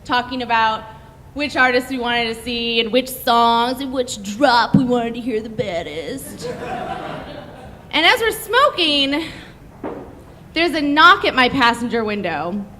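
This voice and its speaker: A young woman telling a story on stage in a brash, profane, animated way. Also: fairly high pitch, slow, in a large hall, a little hiss or hum.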